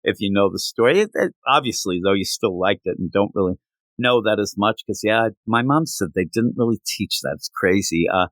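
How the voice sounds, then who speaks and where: A man co-hosting a podcast, chatting casually in an animated, rambling, joking way. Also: on the low side, a little fast, dry recording. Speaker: podcast co-host. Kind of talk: casual chat.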